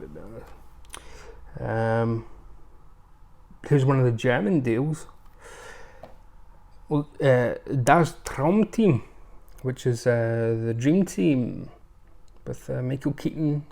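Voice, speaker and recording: A man's voice: mid-range voice, creaky, mellow. A man giving a casual, rambling review of his film purchases, with many ums and restarts. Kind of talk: casual unscripted haul review.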